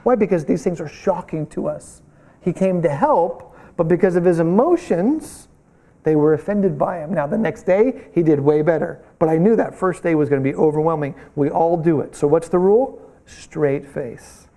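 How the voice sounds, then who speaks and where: A man teaching a missions class, telling animated stories and acting out the voices of the people in them. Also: on the high side, moderate pace. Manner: animated storytelling, acts out voices in quotes.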